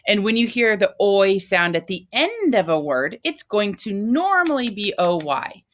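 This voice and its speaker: A woman teacher giving a phonics lesson to first graders, talking slowly and patiently in a sing-song teacher voice. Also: medium pitch, very animated. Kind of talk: phonics lesson for young children.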